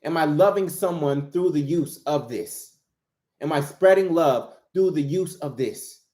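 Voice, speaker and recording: A man's voice: on the high side, measured pace, mellow. A man giving a motivational spiritual talk in a preacher-like way, repeating key phrases for emphasis. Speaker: author and motivational speaker. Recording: roomy echo.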